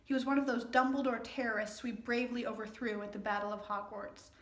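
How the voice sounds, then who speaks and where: A woman's voice: a little high, fairly even intonation, fast, fairly bright tone, lightly acted. A young woman reading the lines of a prim, cruel female official in a cold, scolding tone. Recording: echoey room.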